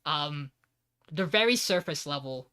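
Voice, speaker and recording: A podcast co-host walks through an anime episode in a relaxed chat, bringing energy to it by performing the characters' lines along the way. His voice is smooth and on the high side, and he doesn't rush.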